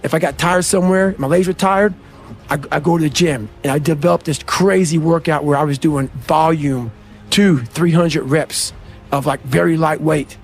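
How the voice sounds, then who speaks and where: A man's voice: a little high, normal speed. A middle-aged man from the United States giving blunt, profane motivational talk and calling listeners "man" and "bro". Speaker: motivational speaker. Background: faint music.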